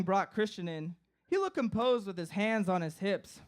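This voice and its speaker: A man's voice: sits high, lively intonation, moderate pace. A young man performing a comic personal story live on stage, acting out his friends' voices. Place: live stage before an audience.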